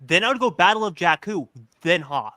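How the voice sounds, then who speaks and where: A man's voice: high-pitched, expressive, a little fast, sharp tone, no room sound. A man co-hosting a casual fan podcast, rambling and packing his talk with "like". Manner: rambling, heavy use of "like" fillers. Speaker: podcast co-host.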